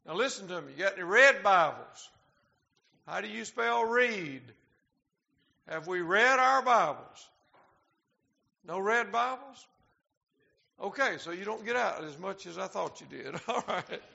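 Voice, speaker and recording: A man preaching a sermon, talking directly to the congregation and slowing down to stress key words. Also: sits high, lively intonation, vocal fry, bright, forceful tone. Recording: dull lo-fi sound.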